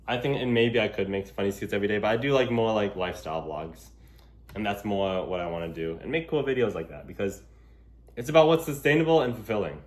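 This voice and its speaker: A young man talking casually to a handheld camera while walking in public, rambling with lots of fillers. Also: lowish voice. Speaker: vlogger. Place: outdoors in public. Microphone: gimbal camera held while walking.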